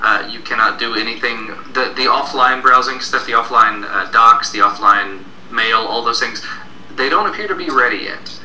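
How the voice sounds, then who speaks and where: A man co-hosting a casual tech chat, telling stories in a relaxed way with fillers. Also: medium pitch, moderate pace. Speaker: co-host. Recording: distant, echoey room with faint noise.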